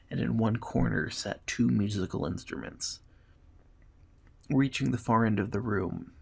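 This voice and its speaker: A man's voice: fairly low pitch, vocal fry, a little mellow, husky. A man steadily narrating a fantasy adventure story as its storyteller.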